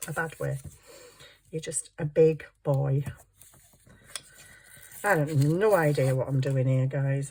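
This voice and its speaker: An older woman, a grandmother and craft vlogger, chats casually and giggles as she crafts for her channel. Her voice sits low, with a darkish, slightly rough tone.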